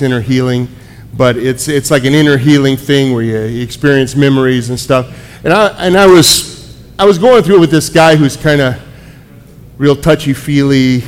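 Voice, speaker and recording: A man preaching to a congregation, telling personal stories in an animated way with frequent restarts. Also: mid-range voice. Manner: animated storytelling, many restarts. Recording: echoey hall with long reverb.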